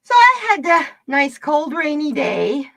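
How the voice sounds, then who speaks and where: A middle-aged woman from the United States chatting casually with her stream viewers, telling animated stories and laughing often. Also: high voice, measured pace, no echo. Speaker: livestream card reader host. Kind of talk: casual storytelling chat.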